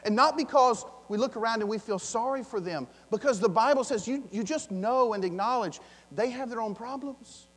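Pastor guy with a high voice preaching, gets loud then goes quiet, long echo in a big church, bit of hum. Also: normal speed, few pauses. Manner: dramatic, swings between loud emphasis and soft hushed lines; acts out the voices of the story's characters. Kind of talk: sermon. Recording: long hall reverb with mains hum.

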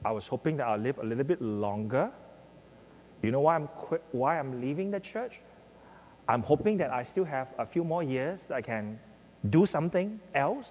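With a moderate pace and a slightly mellow, expressive tone, an older pastor acts out impassioned, pleading prayers during his sermon, his voice rising in pitch. Faint noise and the dull reverb of a hall surround him.

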